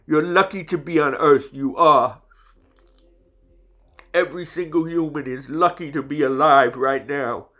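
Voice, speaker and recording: Aussie guy channelling a spirit collective, way higher than his normal voice, slow and preachy, swears bluntly. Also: a bit bright, lo-fi sound. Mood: emotional.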